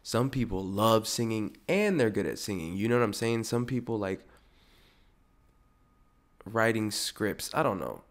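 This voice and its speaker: A man's voice: lowish voice, expressive, measured pace, pauses often. A man hosting a podcast in a casual, rambling rant, full of "like" and "dude". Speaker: podcast host.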